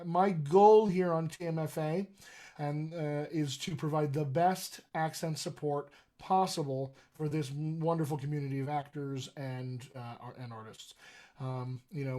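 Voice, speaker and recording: A man talking as a dialect coach on a casual live stream, his voice sitting a little high for a man. He rambles easily, leans on ums and uhs, and repeats his requests to the group. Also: darkish tone. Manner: chatty, many ums, pleading repetitions.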